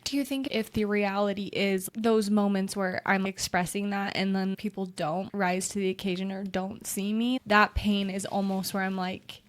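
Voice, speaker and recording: A woman's voice: mid-range voice, little pitch movement, moderate pace, hardly any pauses. A woman co-hosting a podcast, talking openly and vulnerably in a searching, personal way. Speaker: podcast co-host. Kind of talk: podcast conversation.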